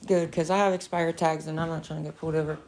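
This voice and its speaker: A young woman chatting casually on a livestream, telling a story with animated energy, swearing and laughing, a bit out of breath. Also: deep voice, fast talker, crowd noise. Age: young adult.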